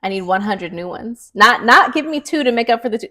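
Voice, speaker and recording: A woman quoting a controlling husband in a hushed, quietly menacing voice while recapping a story. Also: very high-pitched, animated, brisk, full character voice. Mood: scolding.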